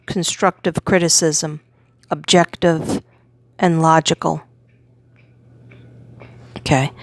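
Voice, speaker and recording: A woman doing a psychic tarot reading, reading out card words in lists and retelling messages with animated energy. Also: on the low side, no echo.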